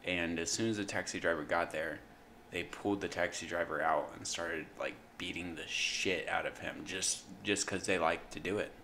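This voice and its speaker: A young man with a low, sharp-toned voice co-hosts a casual podcast, his delivery slow, hesitant, and filled with fillers. A little hiss or hum sits in the recording.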